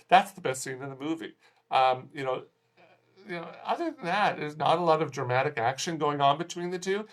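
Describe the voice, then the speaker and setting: A man giving a casual spoken movie review as a film critic, rambling with frequent restarts and fillers. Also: mid-range voice. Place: Hong Kong.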